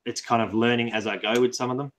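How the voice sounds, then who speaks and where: A man's voice: medium pitch, level tone, quick pace, slight background noise. A man chatting as a guest, hesitant, with a loose, easygoing delivery. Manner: loose, hesitant, lots of ums. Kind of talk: casual chat. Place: online video call.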